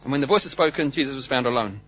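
A man preaching a sermon, animated and humorous, swinging between loud bursts and hushed asides. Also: medium pitch, very fast, lo-fi sound.

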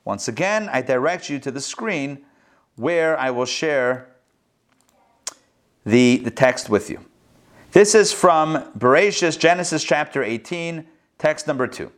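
A man teaching an online Torah class, lively and humorous, mixing Hebrew terms into his explanations. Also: fairly high pitch, unhurried, pauses often. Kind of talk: online Bible class with screen sharing.

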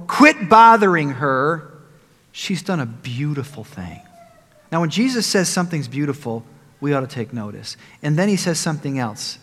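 A man preaching a sermon as pastor, emphatic and rising loud on the lines he quotes, with some halting restarts. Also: mid-range voice. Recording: long hall reverb.

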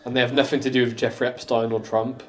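A man's voice: medium pitch, flat delivery, fast talker. A man co-hosting a podcast, chatting casually and joking sarcastically. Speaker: podcast co-host. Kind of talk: casual chat.

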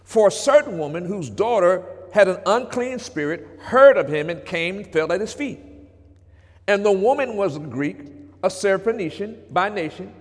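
A man preaching a sermon as pastor, moving from hushed passages to shouts and calling out to the congregation. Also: high voice, expressive, normal speed. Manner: preacherly, swings between hushed and shouted, talks back to congregation. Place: church sanctuary. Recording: long reverb of a church hall.

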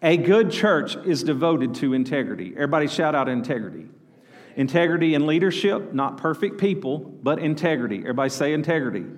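Preacher guy, highish voice, big church reverb, keeps calling for amens. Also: animated, fairly quick. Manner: preaching, calls out to congregation for responses. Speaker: pastor. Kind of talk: sermon. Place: church sanctuary. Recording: long hall reverb.

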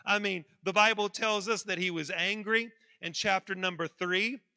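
A man preaching a sermon in a church, calling out to the congregation and building to loud, emphatic peaks. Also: sits high, fairly even intonation, normal speed, dry recording.

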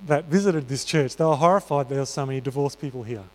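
Medium in pitch and fast in pace, a man preaches in a church hall whose reverberation colors the recording. He sounds earnest and conversational, dropping in many fillers.

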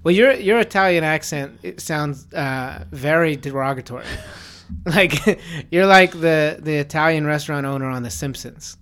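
A man's voice: on the high side, a bit bright, a little hiss or hum. A man hosting a podcast, who chats casually, jokes at his own expense, and laughs easily. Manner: teasing, jokingly self-pitying, quick to laugh. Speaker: podcast host. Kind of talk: casual chat.

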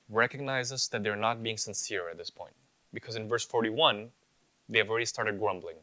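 Man, pastor, preaching; bright forceful voice, dry close sound; earnest, emphatic, mimics excuses casually. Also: medium pitch, no echo. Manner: earnest, building to emphatic rebukes. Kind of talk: sermon.

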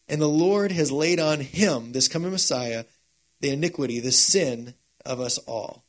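A man preaches a sermon in a relaxed, conversational way. His delivery is animated, like someone telling a story to friends, and his voice sits a little higher than most men's. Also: a little slow. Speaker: pastor.

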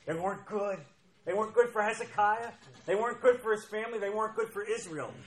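A man's voice: high-pitched, fast, poor audio. A man preaching a sermon, emphatic and repeating key phrases as he reads scripture aloud. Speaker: pastor.

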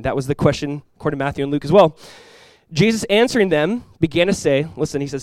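A man preaching a sermon as pastor, talking casually with animated asides and acted-out quotes. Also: on the high side, fast talker, dry recording, poor audio.

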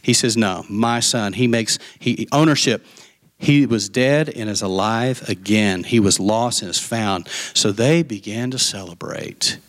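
A man preaching a sermon, retelling a Bible story with lively acted-out voices and asides to the congregation. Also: on the low side, unhurried. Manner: animated storytelling, acting out voices of the parable. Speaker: pastor.

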